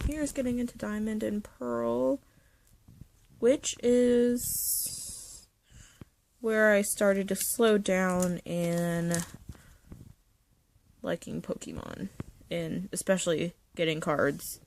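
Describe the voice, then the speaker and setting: Chatty young woman with a gravelly edge. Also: medium pitch, fairly even intonation, slow, pauses often, a little hiss or hum. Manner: chatty, nostalgic, drifting into soft whispers. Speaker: vlogger showing a card collection. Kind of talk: casual chat. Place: bedroom.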